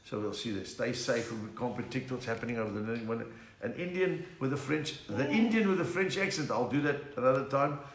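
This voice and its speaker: A man's voice: medium pitch, lively intonation, fairly quick, a little hiss or hum. A South African man hosting a live stream from home, chatting casually, punning and reading out viewers' names. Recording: echoey room.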